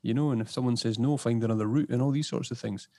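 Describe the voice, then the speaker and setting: A man with a middle-pitched voice talks through an interview as a lively storyteller, swinging up high when he quotes people. The sound is dry and close, with no room around it. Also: fast talker, no room sound. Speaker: podcast guest. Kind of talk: casual interview chat.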